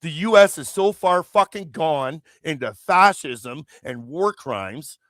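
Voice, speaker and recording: A Canadian man hosting a political livestream delivers a heated rant in a slightly high, expressive, somewhat bright voice, speaking slowly. The dry, clean studio recording catches his angry, profane rambling and restarts.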